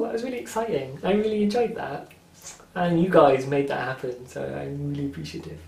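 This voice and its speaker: A man's voice: fairly high pitch, vocal fry, fairly bright tone. A British man hosting a craft podcast in casual, enthusiastic chat, with frequent ums. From Britain. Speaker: podcast host. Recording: roomy echo.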